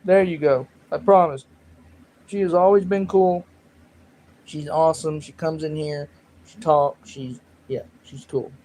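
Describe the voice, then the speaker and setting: On his own livestream, a man takes his time, rambling, making fun of himself, and reading the chat aloud. He has a fairly high, darkish voice with fairly even intonation, recorded roughly.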